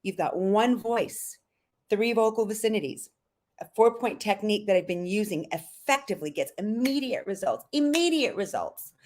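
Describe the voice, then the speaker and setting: On a podcast, a middle-aged voice coach explains breathing one step at a time, sounding calm and earnest. She speaks at a moderate pace in a medium pitch.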